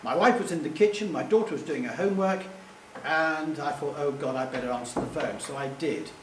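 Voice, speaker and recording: A man's voice: on the high side, fairly quick, a little hiss or hum. A middle-aged man telling anecdotes to a live audience in a chatty, self-deprecating way, stumbling over names and laughing at himself. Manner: chatty, self-deprecating, acts out quoted voices. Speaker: public speaker. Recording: echoey room, distant mic.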